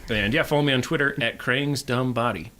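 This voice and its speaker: A man's voice: mid-range voice, a little fast, noisy background. A man co-hosting a podcast, telling stories in casual joking banter and laughing often. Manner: laughs often, chatty storytelling. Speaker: podcast co-host.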